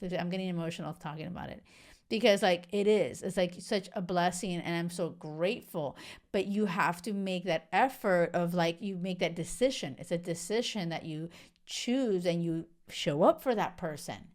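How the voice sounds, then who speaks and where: A woman's voice: lowish voice, normal speed. A woman in her thirties hosting a podcast, giving a casual, blunt recap of a reality show with swearing and sudden bursts of laughter. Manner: animated, blunt and swearing, swinging between laughs and earnest. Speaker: podcast host.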